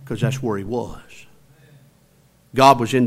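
A pastor preaches a sermon in a steady tone, alternating between loud, emphatic passages and hushed, drawn-out low phrases. He repeatedly poses rhetorical questions to the congregation.

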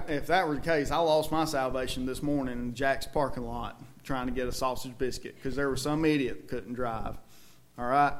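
A man with a Southern US accent preaching a sermon in a church, folksy and conversational, with emphatic outbursts. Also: a little high.

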